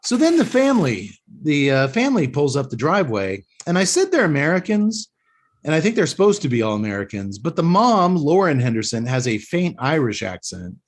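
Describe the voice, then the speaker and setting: A man's voice: a little high, big pitch swings, brisk. A man hosting a casual podcast chat, rambling and opinionated with frequent restarts. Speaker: podcast host.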